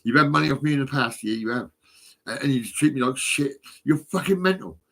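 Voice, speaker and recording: Middle-aged man, husky voice, rambling and profane, agitated phone vlogger, swings from mumbles to outbursts. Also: medium pitch, fast, a bit bright. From England. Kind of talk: rambling monologue to camera.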